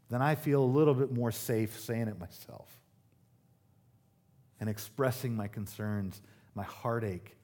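Guy preaching a sermon, chatty and jokey, jumps up loud when he gets going. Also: mid-range voice. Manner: conversational preaching with humorous asides and sudden emphatic rises. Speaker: pastor. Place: church service.

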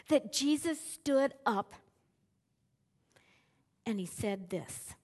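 A middle-aged woman preaching a sermon, telling the story in a lively way and acting out chants and voices. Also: high voice. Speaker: pastor.

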